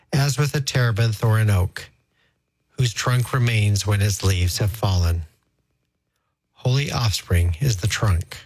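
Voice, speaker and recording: Man, low voice, solemn liturgical scripture reading, slow and measured, dry close sound. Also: darkish tone, no room sound, low-quality recording. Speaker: scripture reader.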